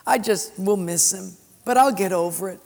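A man putting on the voice of a cheerful widow who is strong in her faith, speaking in a bright, chirpy way. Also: high voice, normal speed, gravelly. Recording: long hall reverb.

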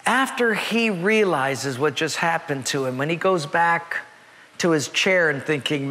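A man's voice: on the high side, lively intonation, unhurried, pushed and bright, in a large hall. A male pastor preaching a sermon in a church, telling a story in an earnest, emphatic way and repeating key words.

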